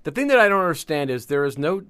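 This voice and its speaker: A man's voice: a little high, big pitch swings, fast, fairly bright tone, clean tone, dry recording. A man in his fifties, a podcast co-host, riffing on a movie with dry, wisecracking jokes in casual chat. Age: 50s.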